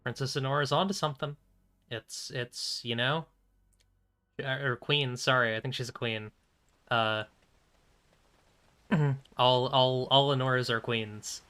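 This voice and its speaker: A man giving relaxed, rambling commentary over a game stream. His voice is bright and clear at a middling pitch. He keeps his volume modest and often clears his throat between thoughts. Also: measured pace, long pauses. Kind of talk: casual let's-play commentary.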